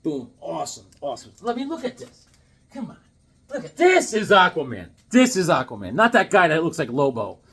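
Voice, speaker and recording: Husky guy rambling about old comics, voice swings all over, bit high. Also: a little fast. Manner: animated, jokey, bursts of exclamations. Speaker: comic book vlogger. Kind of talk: casual show-and-tell vlog.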